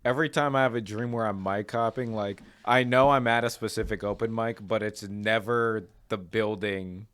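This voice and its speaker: A young man hosting a podcast in a relaxed, hesitant way, with many fillers. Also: on the low side, moderate pace, hardly any pauses, clear, resonant tone. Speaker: podcast host. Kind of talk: casual podcast chat. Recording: faint music behind.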